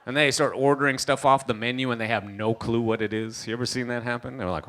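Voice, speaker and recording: A man's voice: mid-range voice, quick pace, few pauses. A man from Trinidad with a Trinidadian accent, performing a stand-up comedy set on a gala stage and acting out the characters in his stories. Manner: animated storyteller acting out characters. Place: stage at an indoor gala event.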